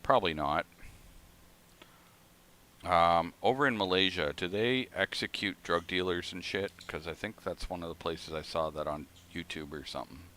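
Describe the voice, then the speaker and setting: A man's voice: sits low, moderate pace, sharp tone. A man streaming a flight simulator, telling a rambling, profane story in casual chat.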